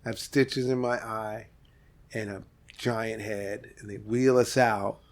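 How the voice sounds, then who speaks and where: A middle-aged man from Los Angeles, a podcast guest, tells a candid story from his past in an animated way, rising sharply and then dropping off softly. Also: lowish voice, slow. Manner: vivid, animated retelling with sudden rises and soft drop-offs.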